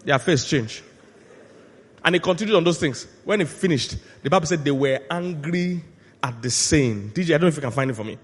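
A male pastor preaching a sermon, asking the congregation to finish his lines and swinging from quiet asides to loud shouted peaks. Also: on the high side, expressive, a little fast, breathy edge. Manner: call-and-response questions to the congregation. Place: church hall. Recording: long hall reverb.

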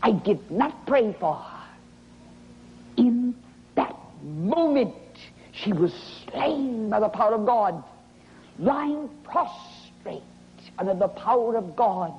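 A woman preacher delivering a sermon in a slow, dramatic way, often dropping into a whisper for effect. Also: fairly high pitch, big pitch swings. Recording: dull lo-fi recording with faint hiss.

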